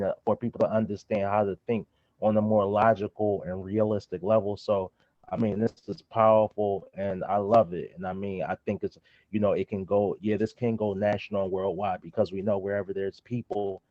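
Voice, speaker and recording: A man giving feedback as a community partner, halting and searching for words as he speaks. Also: lowish voice, warm tone, dry recording. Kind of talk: conversational feedback. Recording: dull dry sound.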